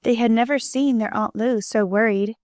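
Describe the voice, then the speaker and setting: A woman reading a children's storybook aloud as an audiobook narrator, in a gentle, clear manner, lightly voicing the characters. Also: fairly high pitch, steady tone, moderate pace, no room sound, studio quality.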